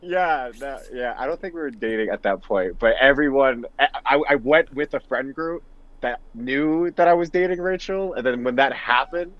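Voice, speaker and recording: A young man co-hosting a podcast, telling a story in a wry, halting way in casual chat. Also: medium pitch, no echo, muffled recording. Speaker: podcast co-host.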